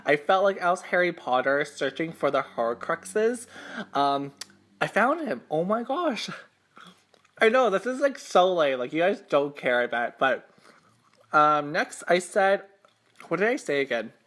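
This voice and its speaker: A man's voice: a little high, animated, moderate pace, fairly bright tone. Young guy rambling thru a storytime while he eats, lots of likes and ums, kinda embarrassed. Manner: rambling, filler-heavy storytelling; self-conscious, embarrassed. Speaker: mukbang host. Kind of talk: casual storytime while eating.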